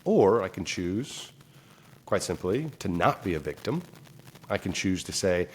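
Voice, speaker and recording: A man with a lowish voice tells a story as an interview guest, acting out his own thoughts as he goes. His pitch rises and falls a great deal, and he keeps checking in with "right?" between points. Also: unhurried, a little hiss or hum. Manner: animated storyteller, acts out his own inner dialogue; loose, with many fillers and repeated "right?". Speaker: guest psychologist. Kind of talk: conversational explanation.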